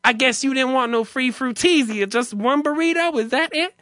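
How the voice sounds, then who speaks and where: A man's voice: very high-pitched, moderate pace, a bit bright, dry recording, studio quality, voice pushed up. A man voicing a chatty male drive-thru clerk with a lilting way of drawing out his questions.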